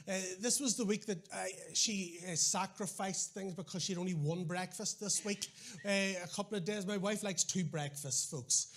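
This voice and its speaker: A middle-aged Northern Irish man preaching a sermon in a high voice. He tells stories with wry asides and stumbling restarts, keeping an animated, conversational pulpit manner. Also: normal speed, hardly any pauses. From Northern Ireland.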